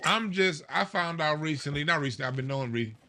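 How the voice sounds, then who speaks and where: Talking fast in a slightly high voice over light background noise, a podcast host comments on the clips he plays. His delivery is animated, breaking down each clip and restating points for emphasis.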